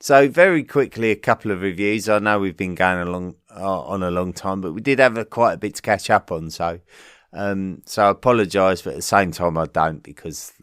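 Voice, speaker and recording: A man's voice: low-pitched, fairly quick, fairly bright tone, clean tone, dry recording, clean studio sound. A man with an Essex accent hosting a podcast, chatting through listener mail with many ums and restarts. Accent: Essex English. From Essex, southeast England. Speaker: podcast host. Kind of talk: casual listener-mail chat.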